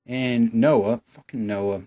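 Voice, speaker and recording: A man's voice: mid-range voice, fairly even intonation, slow pace, dark tone. A young man hosting a casual, sarcastic, profane episode recap. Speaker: host.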